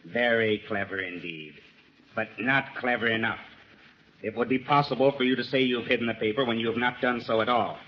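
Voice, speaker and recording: An actor playing a suave, menacing villain in a radio drama, smooth-talking and condescending. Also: male voice, mid-range voice, fairly quick, lightly acted. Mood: mocking. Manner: silky, cold, condescending. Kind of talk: 1940s radio acting. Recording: dull old radio broadcast, faint hiss.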